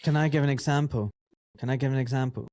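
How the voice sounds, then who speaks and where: A man hosting a podcast interview, summarizing his guest and telling stories in a lively, chatty way. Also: mid-range voice, fast talker, dry recording. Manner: summarizes and tells stories, animated. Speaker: podcast host. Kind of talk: casual interview chat.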